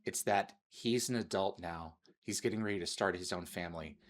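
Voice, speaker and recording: A middle-aged man hosting an interview, talking earnestly and haltingly with many restarts. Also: deep voice. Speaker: host. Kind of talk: interview talk.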